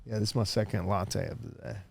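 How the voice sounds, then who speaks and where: A man co-hosting a combat sports podcast, riffing and joking in relaxed chat, recorded on the mats of a martial arts gym. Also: on the low side, quick pace, creaky. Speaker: podcast co-host. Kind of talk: casual chat.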